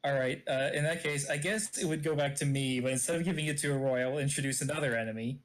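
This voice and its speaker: A man's voice: medium pitch, fast. A man running a tabletop game as game master, hesitant and full of fillers. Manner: hesitant, many fillers, laughs often.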